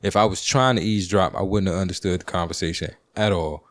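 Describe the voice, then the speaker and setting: Dc guy with a deep voice rambling on his podcast, lots of slang, dry close sound. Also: steady tone, fast, no room sound. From Washington, D.C. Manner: rambling, with slang and frequent fillers. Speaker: podcast host. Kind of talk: casual storytelling monologue.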